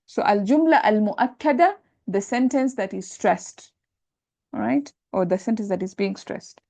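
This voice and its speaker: A woman teacher walks students through Arabic grammar, patient and repetitive, mixing English with Arabic terms. Her voice has a gravelly edge. The sound is dry and close, with no room echo. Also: medium pitch, brisk, mellow. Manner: explains patiently, repeats terms, checks understanding with "right?". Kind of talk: lecture on Arabic sentence parsing.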